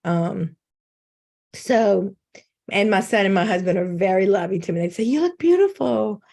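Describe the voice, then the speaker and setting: A woman's voice: mid-range voice, fairly even intonation, moderate pace, darkish tone. A middle-aged woman giving an informal faith talk on a video call, candid and self-mocking, laughing often. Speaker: guest speaker.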